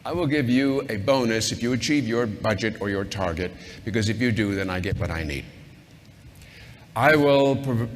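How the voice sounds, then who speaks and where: A man giving a measured lecture on leadership, defining his terms carefully. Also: mid-range voice, big-room sound, slight background noise. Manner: measured, defines words one by one. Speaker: speaker on leadership.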